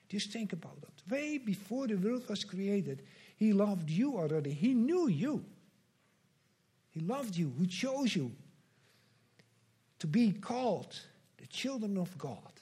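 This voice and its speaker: A pastor preaching a sermon, earnest and measured, with slow emphatic repetitions. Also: male voice, sits high, dark tone, husky.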